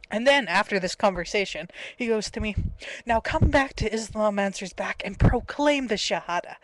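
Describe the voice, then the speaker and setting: A woman's voice: medium pitch, no echo. Young woman, early twenties, casual exasperated vlog rant, dry webcam audio. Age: 20s. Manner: exasperated, storytelling, frequent laughs. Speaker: vlogger. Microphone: webcam mic.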